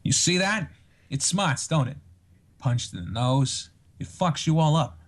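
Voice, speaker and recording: A man doing a slow, menacing older gangster voice. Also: lively intonation. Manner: slow, deliberate, low menacing delivery. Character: impression of a menacing older male actor, slow and sinister.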